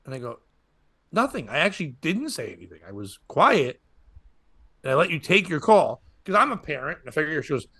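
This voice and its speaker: A man's voice: on the high side, a little fast, no echo, clean studio sound. A man who hosts a podcast and works as a comedian, telling stories in casual chat and acting out the voices of people he quotes. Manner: animated, acts out quoted voices.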